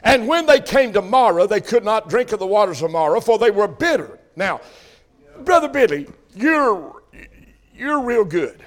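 A man's voice: sits high, sing-song, normal speed. An older man preaching a folksy sermon, calling questions out to his congregation.

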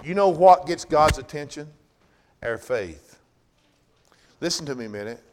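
A man preaching a sermon, swinging from loud bursts down to hushed, low-voiced passages. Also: expressive, a little slow, a little hiss or hum.

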